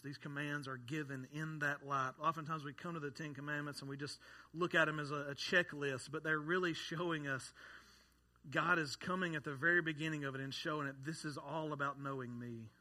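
Man in his thirties, pastor, sermon delivery, bright, slightly high voice, conversational and wry. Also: steady tone, brisk. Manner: conversational, joking asides to the congregation.

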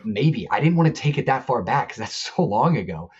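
A man's voice: mid-range voice, big pitch swings, a little fast, breathy edge, highs cut off. A man who is a guest on a movie podcast, talking in a rambling way with crude jokes. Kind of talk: casual movie chat.

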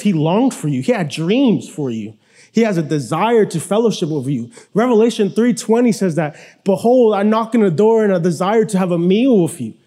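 Young male preacher, high mellow voice, casual talky sermon delivery with restarts.

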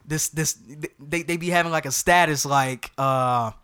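A man hosting a casual podcast, talking loud and slangy with a hyped, tired-out energy. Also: on the high side, fairly even intonation, normal speed, clear, resonant tone. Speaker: podcast host.

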